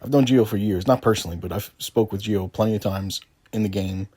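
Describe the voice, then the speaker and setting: Man, low husky voice, mocking call-out commentary, dry close sound. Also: fairly quick, mellow, no echo. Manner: sarcastic, taunting, swears often. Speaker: gaming video creator. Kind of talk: mocking call-out commentary over screen recording.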